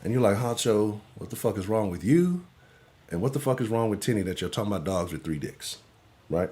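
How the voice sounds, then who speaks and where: A man hosting a live sports talk show, ranting in a profane, animated way and swinging between loud outbursts and low mutters. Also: brisk. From Houston.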